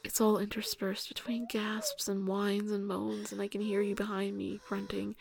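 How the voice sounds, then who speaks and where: Gravelly hushed young woman. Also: medium pitch, level tone, crowd noise. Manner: soft, hushed delivery that often drops to a whisper; chatty and halting with fillers when speaking off-script. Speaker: audio story narrator. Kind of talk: intimate first-person narration.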